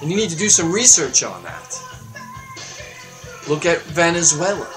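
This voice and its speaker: A man hosting his own show, delivering a heated political rant that swings up into loud, high outbursts. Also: sing-song, moderate pace, over music. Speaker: show host. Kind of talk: ranting political monologue.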